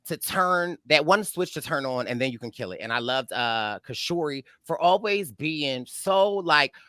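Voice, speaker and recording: A man's voice: on the high side, lively intonation, moderate pace, pushed and bright, no echo, clean studio sound. A man, co-hosting a recap show in an enthusiastic, loose and conversational way. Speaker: co-host, reality show recap. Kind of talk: casual chat.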